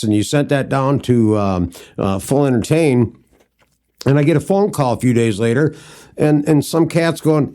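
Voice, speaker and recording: Mellow rambling podcast co-host man. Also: mid-range voice, lively intonation, moderate pace. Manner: rambling storyteller, many fillers. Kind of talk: casual conversation.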